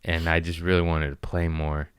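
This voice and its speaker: A man hosting a comedy podcast, telling a story casually, profane and animated, acting out the people he quotes. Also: rumbling low, moderate pace, clear, resonant tone.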